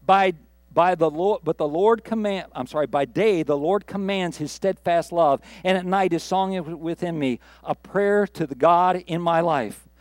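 A man's voice: sits high, moderate pace, no room sound. A man preaching a sermon from the pulpit, reading scripture and building earnestly to emphatic peaks. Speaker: pastor.

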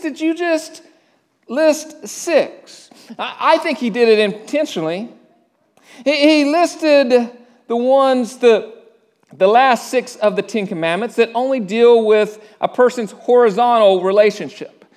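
High-voiced man preaching conversationally. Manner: conversational preaching with frequent stammered restarts; asks the congregation questions and pauses for answers. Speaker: pastor. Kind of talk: sermon.

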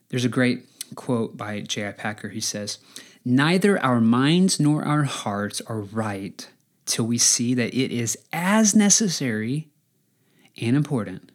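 A male pastor delivering an earnest, conversational sermon, pausing often and restarting his phrases. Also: mid-range voice.

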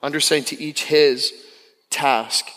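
A young man from Florida preaching a sermon as pastor, animated and acting out the people he quotes. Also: slow, big-room sound. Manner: animated, acts out quotes with big pitch jumps. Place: church sanctuary.

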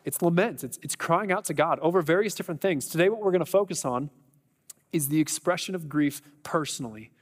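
A man with a high voice preaches a sermon, speaking conversationally and with emphasis as he poses rhetorical questions to the congregation. His voice rings with the long reverb of a large hall. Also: fairly quick. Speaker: pastor.

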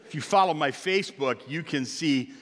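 A middle-aged male pastor preaching a sermon to his congregation, telling stories with jokey asides and swinging from quiet to loud. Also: on the high side, moderate pace. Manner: storytelling, jokey asides, animated swings in volume. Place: church sanctuary. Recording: long hall reverb.

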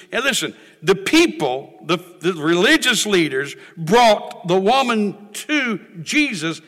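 A man preaching a sermon in a church, with a rhythmic, rising and falling cadence and drawn-out refrains. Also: sits high, a bit bright. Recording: reverberant hall.

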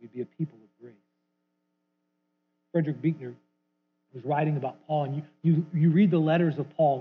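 A man preaching a sermon as a guest preacher, swinging from loud acted-out quotes to hushed asides. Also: fairly high pitch, breathy edge. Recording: tinny narrow phone-like sound.

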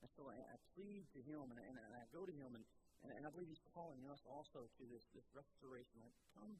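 A male pastor preaching a sermon in a conversational way, repeating key phrases and growing louder and higher when stirred. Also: lively intonation, quick pace, noisy background.

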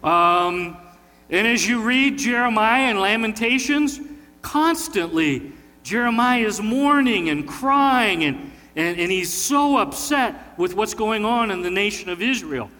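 A man's voice: high voice, lively intonation, measured pace, sharp tone, in a large hall. A man preaching as pastor in a church, opening with a prayer and then talking through a sermon in a folksy, conversational way, often asking the congregation questions. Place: church sanctuary.

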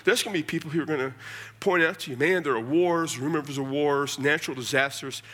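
An American man delivers a sermon in a bright, somewhat high-pitched voice. He explains scripture in a conversational, animated way, often breaking off for casual asides. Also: fairly quick. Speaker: pastor.

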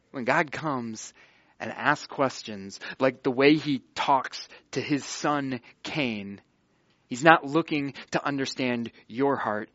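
A man preaching a sermon, moving between hushed pleading and loud, emphatic delivery. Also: medium pitch, no echo, dull audio. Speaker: pastor.

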